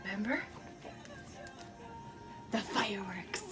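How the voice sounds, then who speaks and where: A woman teaches kids a guided dance storytime in her basement, speaking slowly at medium pitch with an expressive, fairly bright tone. Faint music plays behind her as she encourages them playfully, laughing often and imitating animals.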